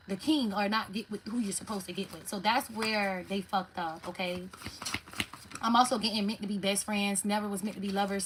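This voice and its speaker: A woman doing a casual tarot reading, talking straight to her viewers in a blunt, profane, animated way. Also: mid-range voice, noisy background. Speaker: tarot reader.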